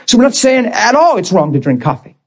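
A man preaching a sermon as a pastor, moving between calm talk and emotional shouting. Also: high voice, brisk, husky.

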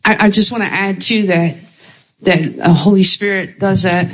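A woman's voice: mid-range voice, fairly even intonation, normal speed, fairly bright tone, rough recording. Earnest woman sharing a testimony. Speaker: preacher's wife. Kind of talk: testimony in a sermon.

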